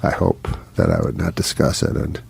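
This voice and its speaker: A man with a Canadian accent, chatting as a comedian guest in a halting, deadpan way, full of restarts and dry jokes. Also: very deep voice, gravelly, husky. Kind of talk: casual interview chat.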